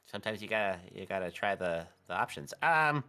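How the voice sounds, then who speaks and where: A man narrating a tabletop game as game master, in a playful, animated way. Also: fairly low pitch, a little fast, clear, resonant tone.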